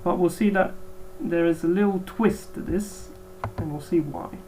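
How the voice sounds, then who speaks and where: A woman's voice: on the low side, moderate pace, noisy background. A woman biology teacher giving a recorded lecture, hesitant with frequent ums.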